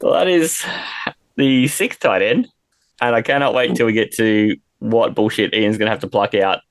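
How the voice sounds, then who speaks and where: A man's voice: fairly low pitch, moderate pace, dry recording. An Australian man hosting a podcast fantasy draft, brash and teasing, swearing freely in casual banter.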